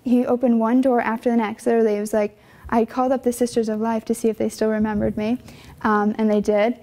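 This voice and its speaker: A young religious sister recounts her calling, earnest and emotional, stumbling through little fillers as she goes. Her voice sits a bit high yet sounds mellow, with a gravelly edge. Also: flat delivery, fast. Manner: earnest, conversational, many fillers; emotional storytelling. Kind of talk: personal vocation testimony.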